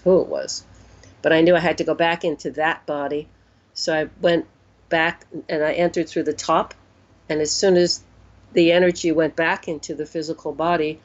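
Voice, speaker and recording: A woman in her sixties, an interview guest, telling a personal story in an earnest, unhurried way and voicing her own thoughts as she goes. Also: sits low. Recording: dull lo-fi recording.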